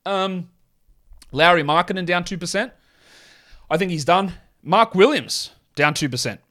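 A man hosting a fantasy basketball podcast in a casual solo talk, with offhand asides and quick opinions. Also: high-pitched, bright, forceful tone.

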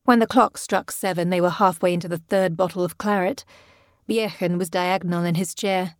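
A woman narrating a gothic story in a measured, even audiobook reading. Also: on the low side, dry recording, studio quality. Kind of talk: scripted narration.

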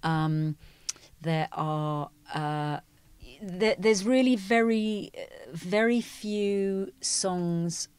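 Chatty low-voiced woman, middle-aged. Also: very slow, darkish tone, clear, resonant tone. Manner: chatty storyteller, many "you know"s. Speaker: musical theatre performer, guest. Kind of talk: conversational interview.

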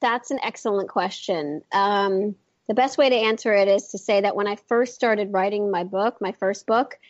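A woman's voice: medium pitch, moderate pace, no room sound, muffled recording. A woman in her forties, an author and intuitive, chatting as an interview guest and rambling through her story with many fillers and restarts.

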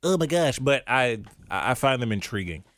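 Lively man chatting on a podcast. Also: medium pitch, normal speed, no room sound. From Maryland. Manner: animated, rambling with restarts. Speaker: podcast co-host. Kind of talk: casual chat.

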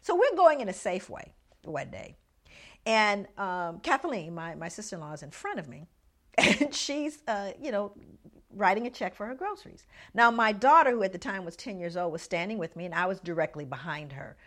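A woman's voice: medium pitch, normal speed. A middle-aged woman telling a personal story, acting out the voices of the people in it. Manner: animated storyteller acting out others' lines. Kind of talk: storytelling talk.

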